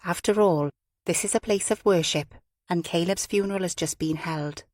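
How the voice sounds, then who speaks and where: A woman reader voicing a woman cleric who rebukes softly but firmly. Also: on the low side, moderate pace, no echo, clean studio sound, lightly acted. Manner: soft, firm rebuke.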